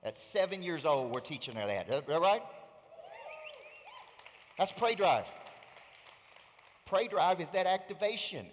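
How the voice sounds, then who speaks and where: A middle-aged man with a fairly high voice delivers a preacherly motivational speech from a stage. He talks as a coach and keeps drawing the crowd in with questions. His voice rings out through a large, reverberant hall. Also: measured pace, long pauses, slight background noise. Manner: energetic, preacherly, engages the audience with questions. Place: large hall before a live audience.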